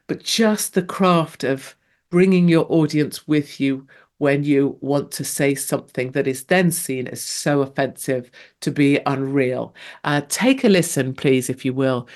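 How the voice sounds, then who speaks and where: A woman's voice: deep voice, darkish tone. Enthusiastic woman hosting a talk show. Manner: enthusiastic, conversational, reads listener comments. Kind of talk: casual radio talk show chat.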